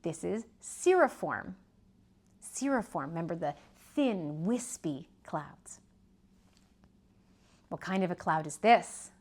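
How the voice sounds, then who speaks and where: A woman teaching a preschool lesson, gently asking children to repeat words and point. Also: lowish voice, expressive, slow, long pauses. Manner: sing-song, asks children to repeat and point.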